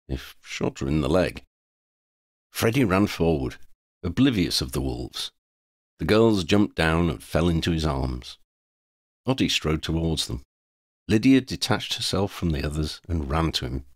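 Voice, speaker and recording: A man's voice: very deep voice, dry recording, clean studio sound. A man narrating a fan fiction audiobook, switching between many character voices. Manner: expressive, varied character voices.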